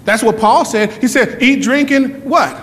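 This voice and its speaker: A male pastor with a high, bright voice delivers a fervent sermon full of rapid-fire repeated questions. The church hall is echoey, and there's a little hiss or hum.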